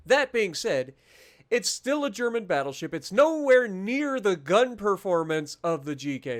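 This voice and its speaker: A man with a fairly high voice hosts his own gaming channel. He talks through his rankings in a loose, chatty way, with plenty of fillers and restarts. He pokes fun at himself as he goes. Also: fairly bright tone. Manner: chatty, self-deprecating, many fillers and restarts. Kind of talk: casual gameplay commentary.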